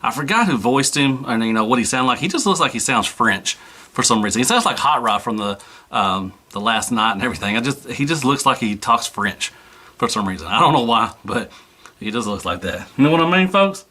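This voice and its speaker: A man's voice: medium pitch, lively intonation, brisk, pushed and bright. A man giving a casual toy review in an easygoing, rambling way, full of fillers.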